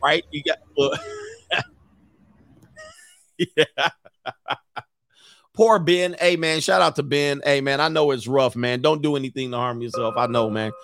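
A man's voice: medium pitch, fairly even intonation, a little slow, pauses often, fairly bright tone, dry recording, studio quality. A middle-aged man, a dating coach, doing slangy, joking live reaction commentary with laughing asides.

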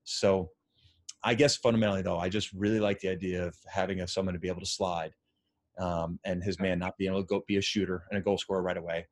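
Deep-voiced man coaching talk. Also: fast. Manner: animated, rambling storyteller with many fillers. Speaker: lacrosse coach. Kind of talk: casual podcast conversation.

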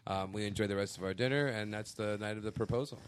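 Young guy on a podcast telling a story, dry close mic, animated. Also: fairly low pitch, quick pace, smooth, dry recording. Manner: animated storyteller acting out quoted voices. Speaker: podcast guest. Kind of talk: casual chat, storytelling.

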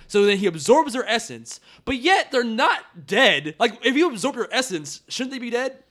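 High, lively young guy for a snarky casual film rant with lots of swearing. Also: moderate pace, few pauses. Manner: animated, sarcastic, swears often, acts out quotes. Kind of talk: casual movie discussion.

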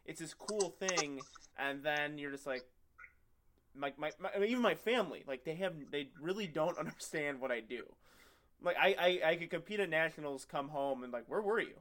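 A man's voice: fairly high pitch, normal speed, fairly bright tone. Rambling young man joking about lifting. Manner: rambling, joking storyteller who acts out other people. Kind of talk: casual chat.

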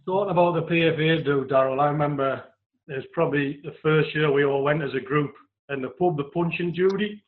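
A man telling animated anecdotes about former teammates in casual podcast chat. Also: fairly high pitch, fairly quick. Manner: animated storyteller, mimics others in quotes. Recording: tinny phone-like remote line.

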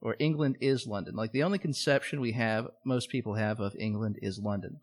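A man co-hosting a casual podcast chat, wry and playful, quick with jokes. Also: fairly low pitch. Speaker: podcast co-host.

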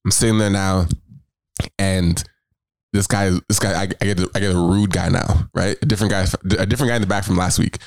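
A man's voice: low-pitched, fairly quick, dry recording. Young man telling a story, foul-mouthed. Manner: animated, swears freely, laughs often. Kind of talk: casual storytelling.

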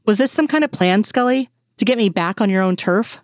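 A woman's voice: mid-range voice, expressive, dry recording, clean studio sound, voice pushed up, natural voice. A woman reading a sardonic male agent. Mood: smug. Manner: teasing, quick to snap back. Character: wry, sardonic male FBI agent, adult.

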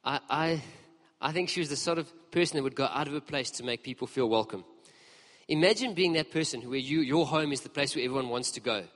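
A preacher telling a story in a sermon, lively and conversational as he speaks to the congregation in a church hall. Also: medium pitch, brisk. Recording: long reverb of a large hall.

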